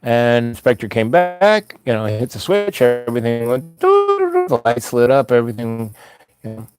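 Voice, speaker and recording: A man's voice: mid-range voice, moderate pace, a little mellow, faint music behind. A man telling a long personal anecdote in a loose, meandering way, full of asides and restarts. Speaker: storyteller.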